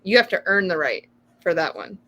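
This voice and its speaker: A man's voice: high voice, big pitch swings, fairly quick, pushed and bright, poor audio. A man chatting casually on a sewing stream, playful, slipping into mock-announcer asides. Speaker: regular on a sewing chat stream. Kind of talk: casual group chat.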